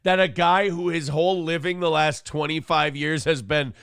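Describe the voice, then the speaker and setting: Male morning show host, rough gravelly tone, profane and animated, dry studio sound. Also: on the high side, moderate pace, dry recording. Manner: profane, animated, mimics others in loud bursts. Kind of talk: casual podcast commentary.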